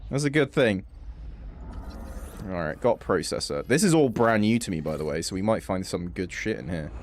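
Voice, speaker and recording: A man's voice: normal speed, a little hiss or hum. A young man chatting casually and swearing freely while streaming a game. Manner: chatty, swears casually, animated jumps in pitch. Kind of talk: casual gaming stream chat.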